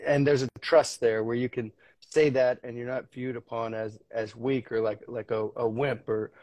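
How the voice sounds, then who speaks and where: A man's voice: mid-range voice, steady tone, moderate pace, darkish tone, dry recording. A man as a podcast guest, talking candidly with frequent restarts, casual swearing and earnest storytelling. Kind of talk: candid conversation.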